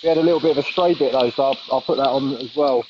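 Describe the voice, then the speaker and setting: A man's voice: mid-range voice, very fast, dull audio, noisy background. A man co-hosting a live barbecue show, chatting with enthusiasm as he cooks. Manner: enthusiastic, chatty, says "mate". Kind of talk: casual chat while grilling.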